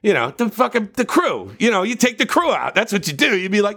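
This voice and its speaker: A middle-aged man telling stories in a casual podcast chat, rambling and profane, with animated bursts. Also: high voice, brisk, breathy edge. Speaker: voice actor guest.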